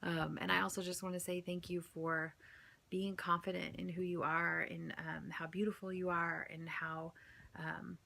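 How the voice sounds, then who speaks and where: A young woman reflectively thanking her mother in a soft-spoken way. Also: fairly low pitch, flat delivery, normal speed, gravelly. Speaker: daughter. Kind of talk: heartfelt thank-you message.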